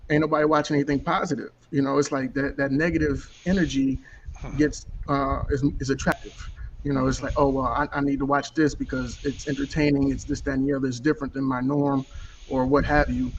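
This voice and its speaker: A man speaking as a guest on a talk show over an online call, measured and even, with "uh" fillers. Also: mid-range voice, lo-fi sound, slight background noise. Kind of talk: casual conversation. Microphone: online call microphone.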